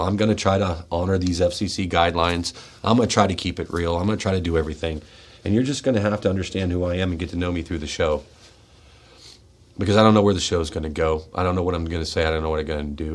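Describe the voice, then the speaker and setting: Deep-voiced man in a raw confession. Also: steady tone, fast. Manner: raw, confessional, swings between forceful and hushed. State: tearful and shaky. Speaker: radio show host. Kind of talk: emotional personal monologue. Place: radio studio.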